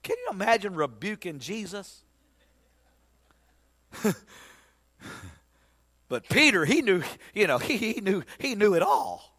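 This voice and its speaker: Casting: man preaching a sermon, bright forceful tone, lively folksy storytelling. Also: sits high, slow, long pauses, husky. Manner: animated, folksy storytelling with sudden loud bursts. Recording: long hall reverb.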